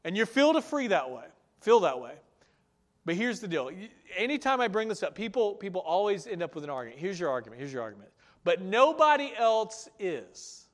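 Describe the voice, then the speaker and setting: A male pastor giving a sermon, acting out his listeners' objections and then dropping to a soft, earnest tone to reassure them. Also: high voice, a little fast. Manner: animated, acts out listeners' objections in raised voices.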